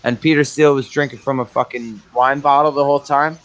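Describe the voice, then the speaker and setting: A man's voice: medium pitch, steady tone, fast, a bit bright, poor audio. Crude joking man in casual chat. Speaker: panelist.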